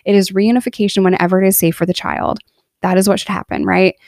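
A woman's voice: medium pitch, steady tone, quick pace, gravelly, darkish tone, dry recording, studio quality. A woman in her thirties telling her personal story in a candid, earnest monologue, emotional in places. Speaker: podcast storyteller.

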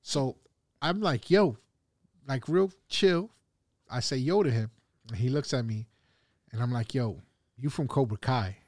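Animated New man telling a story. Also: mid-range voice, measured pace, long pauses, no room sound, studio quality. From New York. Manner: animated storyteller, swears freely. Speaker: podcast co-host. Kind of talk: casual chat, storytelling.

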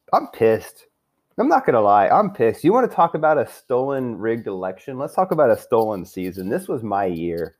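A young man delivers a rambling, foul-mouthed recap of his fantasy football league, swearing constantly as he trash-talks his friends. His pitch swings up and down in lively leaps. He sounds like he has been drinking through a casual rant.

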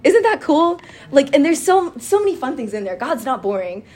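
A woman chatting casually about faith and telling a personal story, animated and quick to laugh, with lots of "like". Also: sits high. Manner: animated and giggly, with frequent laughter and filler "like".

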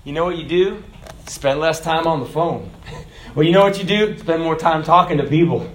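A man preaching a sermon in a folksy, animated way, often laughing and sometimes shouting. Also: a little high, normal speed, echoey room. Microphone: phone recording.

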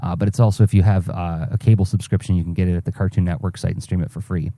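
A man's voice: low voice, steady tone, rapid-fire, dark tone, dry recording, studio quality. A man hosting a solo podcast, rambling through a personal story with many fillers and restarts. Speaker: podcast host. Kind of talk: casual solo podcast monologue.

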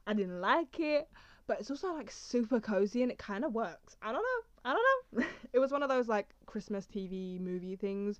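A woman's voice: mid-range voice, a little mellow, no room sound, muffled recording. A young woman hosting a solo podcast, chatting in a giggly, rambling, self-deprecating way and wandering off on tangents. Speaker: podcast host.

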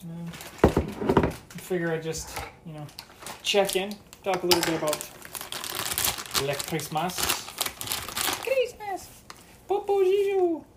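A man's voice: fairly high pitch, fairly even intonation, a little slow, pauses often, very noisy. A man from Canada hosting a casual solo podcast, rambling and joking with plenty of swearing while he cooks breakfast. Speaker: podcast host. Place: home kitchen, cooking breakfast. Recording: kitchen clatter of dishes and cutlery.

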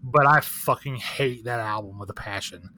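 Man, podcast guest, bright forceful voice, rambling, swears freely. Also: medium pitch, moderate pace. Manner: candid, profane, rambling with many fillers. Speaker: guest, record shop owner. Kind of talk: casual chat.

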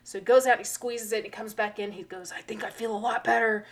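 Fast and on the high side, the teacher's voice carries a casual podcast chat she co-hosts. She's an animated storyteller, acting out the kids' parts in their own voices.

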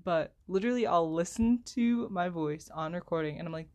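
Young woman, somewhat low voice, slow self-deprecating solo podcast ramble with constant fillers, headset mic. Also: darkish tone. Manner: self-deprecating, apologetic, heavy filler words; speaks slowly, pauses to find words. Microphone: headphone microphone.

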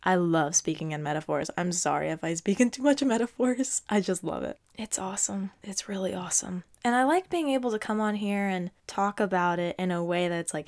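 A young woman hosting a reflective faith-based podcast, speaking earnestly and encouragingly. Her voice sits a little low for a woman and sounds slightly stuffy. She often sinks into a soft near whisper. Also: normal speed, creaky, hardly any pauses. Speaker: podcast host.

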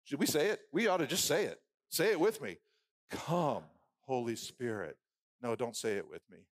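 A man preaching a sermon who builds phrases into rhythmic lists and drops from loud emphasis to a hushed, prayerful murmur. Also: a little high, wildly swooping pitch, a little fast, no echo, studio quality.

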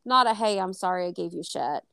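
A woman co-hosting a casual podcast, telling a story with lively acted-out quotes and plenty of swearing. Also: on the low side, fairly quick, vocal fry, clear, resonant tone, no room sound. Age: adult. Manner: animated, acts out quoted dialogue, swears freely. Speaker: podcast co-host.

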